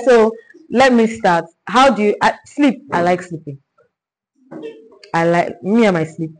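A woman leading a Bible study, teaching in an animated way, repeating herself and asking rhetorical questions. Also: medium pitch, rough recording.

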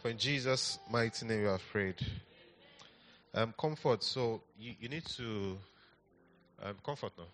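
A pastor preaches a sermon in church, coaxing his congregation, repeating phrases and asking them to answer back. His medium-pitched voice is fairly bright and unhurried, with frequent pauses, over soft background music.

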